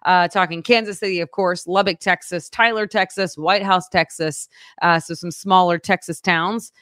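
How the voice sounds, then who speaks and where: A woman co-hosting a casual local news show, chatty and quick to laugh, with many fillers. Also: on the low side, fairly even intonation, fairly bright tone, no room sound, studio quality.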